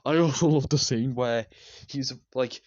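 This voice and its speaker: Reviewing a movie in a loose, rambling way, this man is eager and repeats himself, often restarting and using fillers. He speaks at a measured pace with a medium pitch and darkish tone, and the lo-fi recording sounds dull.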